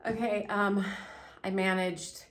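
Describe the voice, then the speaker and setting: A woman's voice: medium pitch, little pitch movement, slow pace. An American woman filming herself in a cellar, talking in an emotional, rambling and apologetic way. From United States. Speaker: host. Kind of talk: casual vlog narration. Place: indoor cellar. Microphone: handheld camera she is filming with.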